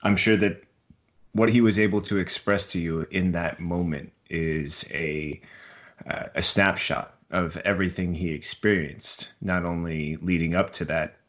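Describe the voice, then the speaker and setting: A man interviewing a guest, speaking in a measured, reflective way and telling stories. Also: low-pitched, steady tone, a bit bright. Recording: dull lo-fi recording.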